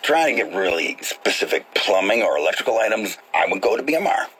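An actor playing an easygoing contractor in a radio ad, explaining patiently with some hesitation. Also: male voice, lowish voice, big pitch swings, fast talker, fairly bright tone, husky, heavily acted. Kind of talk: radio ad acting.

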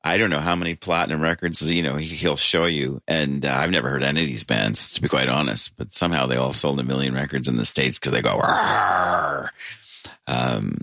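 Very deep-voiced man reminiscing. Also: fairly even intonation, fast talker, few pauses, pushed and bright, dry recording, studio quality. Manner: rambling, frequent restarts and fillers, laughs. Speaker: band member interviewed. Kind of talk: casual interview storytelling. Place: basement of a tavern.

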